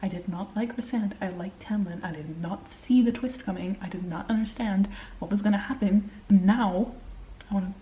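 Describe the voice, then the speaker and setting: Excitable young woman with a mellow voice. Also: medium pitch, moderate pace, dull audio. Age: young adult. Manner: excitable, swears freely, drops to hushed whispers. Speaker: book vlogger. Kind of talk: casual reading reaction vlog.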